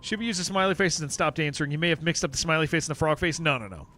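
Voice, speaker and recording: A man's voice: a little high, rapid-fire, bright, forceful tone, a little hiss or hum. A man streaming a game, chatting casually and emphatically with his viewers and answering their messages as he goes. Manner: rambling, emphatic, reacts to chat messages.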